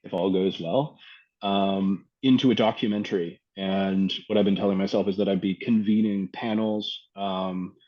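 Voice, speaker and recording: A man from Canada, a poet and filmmaker, talking thoughtfully in an interview with frequent ums and pauses. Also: sits low, fairly even intonation, lo-fi sound. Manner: reflective, hesitant with many ums. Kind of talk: casual interview talk.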